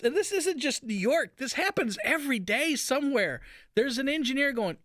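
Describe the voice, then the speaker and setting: A man hosting a radio show, giving folksy, sarcastic commentary. His voice sits high and sounds bright and forceful. His pitch swoops widely, and the sound is dry and close. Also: big pitch swings, moderate pace, no room sound. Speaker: radio talk show host.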